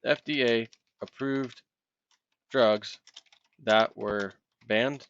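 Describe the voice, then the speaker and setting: A man's voice: medium pitch, fairly even intonation, drawn-out words, fairly bright tone, dull audio. A man hosting a solo commentary video, ranting in a heated, impassioned way and acting out imagined callers.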